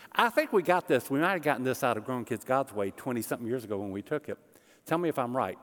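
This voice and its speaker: A middle-aged man preaching a sermon as pastor, conversational and animated, joking with the congregation. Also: mid-range voice, fairly quick, some chatter behind. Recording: long church hall reverb.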